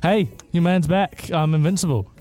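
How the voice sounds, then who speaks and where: A man's voice: fairly high pitch, normal speed, mellow, soft background music. Upbeat young New man. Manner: upbeat, laughing, casual.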